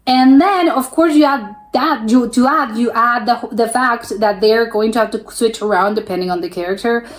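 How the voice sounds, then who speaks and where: American woman, reaction host; chatty and rambling, thinks out loud, slightly high pitch. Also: moderate pace, few pauses. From United States. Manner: chatty, musing aloud, rambling with many restarts. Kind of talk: casual reaction commentary.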